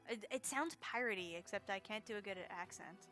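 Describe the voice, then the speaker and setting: Game streamer, woman, bright tone, mid pitch, chatty and quick to laugh. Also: soft background music. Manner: chatty, reacts to chat, laughs often. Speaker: charity marathon streamer. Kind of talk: casual live-stream game commentary.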